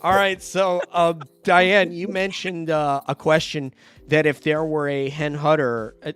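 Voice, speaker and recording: A man's voice: on the high side, moderate pace, a bit bright, faint music behind. Jokey man hosting a video call. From New York. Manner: jokey, laughs often, trails off. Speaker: host. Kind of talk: casual video call chat.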